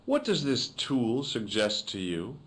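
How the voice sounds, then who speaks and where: A man's voice: medium pitch, sing-song, takes it slowly, a bit bright, breathy edge, full character voice. A male actor voicing a polite, inquisitive young investigator in a video game who keeps asking probing questions. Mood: inquiring.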